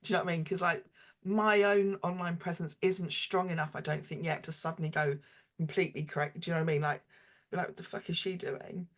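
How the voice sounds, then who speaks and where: Hesitant thoughtful woman, lowish voice. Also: level tone, fast talker. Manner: thoughtful, hesitant, many fillers. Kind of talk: casual online panel chat.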